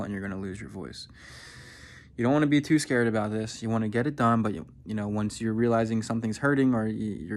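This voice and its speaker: A man giving a vocal warm-up lesson as a voice coach, explaining and demonstrating techniques. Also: lowish voice, a little hiss or hum. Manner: instructive, demonstrating sounds.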